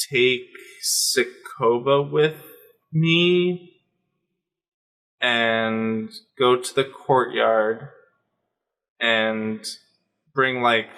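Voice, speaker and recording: A man playing a tabletop game, speaking hesitantly and deliberately. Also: mid-range voice, a bit bright, clear, resonant tone, poor audio. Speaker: player.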